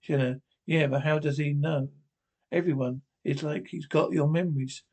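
A man voicing a cheeky, wary young female alien in his own husky voice, with low, guarded asides. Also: fairly even intonation, normal speed, a little mellow.

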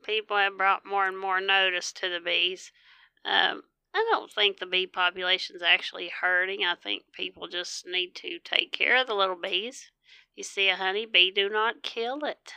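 Older woman, casual chat, gravelly, bright tense tone, blunt dry remarks. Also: mid-range voice, fairly even intonation, moderate pace, no echo, rough recording. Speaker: podcast co-host.

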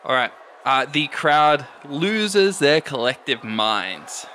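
A man narrating a tabletop game as game master, in a measured way with frequent fillers. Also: a little high, big pitch swings, sharp tone, a little hiss or hum.

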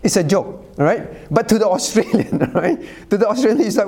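Male pastor, Cantonese first language, animated sermon delivery, pitch moves a lot, teasing asides. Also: brisk, hardly any pauses, husky. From Cantonese-speaking Chinese community. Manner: animated, teasing asides with frequent "all right?" check-ins.

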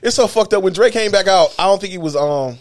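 A high, lively male voice that rattles along at a quick clip. He's a middle-aged co-host in a loose, profane chat, packed with filler and asides. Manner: animated, profane storytelling with lots of filler. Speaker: podcast co-host. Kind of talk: casual chat.

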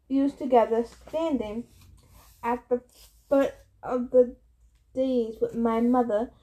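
A woman reading a novel aloud in steady first-person narration. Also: on the high side, lo-fi sound. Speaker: audiobook reader.

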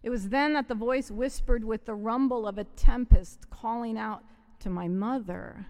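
A woman's voice: fairly high pitch, normal speed, hardly any pauses, darkish tone. A woman pastor preaching a sermon as a dramatic first-person story, telling it with theatrical emotion. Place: church sanctuary. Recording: long reverb of a large hall.

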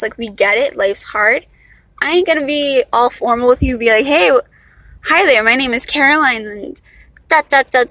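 Bright, chatty Miami woman with a valley-girl lilt. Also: fairly high pitch, no room sound, low-quality recording. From Miami, Florida. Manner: chatty, self-mocking, loose. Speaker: vlogger. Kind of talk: casual unscripted rambling.

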